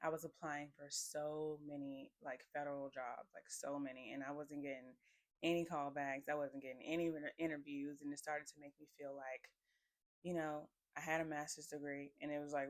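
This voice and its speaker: A woman's voice: deep voice, flat delivery, moderate pace, no room sound. A young woman hosting her own podcast, chatting casually and rambling with lots of fillers and small laughs. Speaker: podcast host. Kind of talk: casual solo podcast chat.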